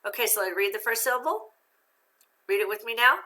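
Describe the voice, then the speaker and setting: A woman's voice: a little high, lively intonation, brisk, sharp tone. A woman teacher giving a phonics lesson to young students, patient and encouraging, asking questions and answering them herself.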